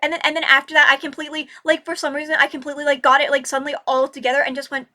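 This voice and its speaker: A young woman vlogger telling a personal story in a rambling, halting way, full of restarts and filler words. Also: high voice, little pitch movement, sharp tone.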